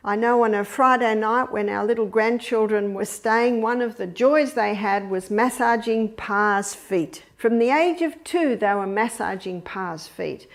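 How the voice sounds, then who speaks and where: An older woman, a grandmother, giving an earnest, instructive Christian talk on raising children. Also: a little high. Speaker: parenting speaker.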